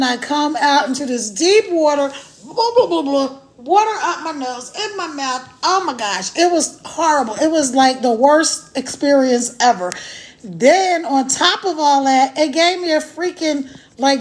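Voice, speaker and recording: High-voiced chatty woman on a phone livestream. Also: normal speed. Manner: chatty and animated, laughs often. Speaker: online business promoter. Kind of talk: casual live-stream chat.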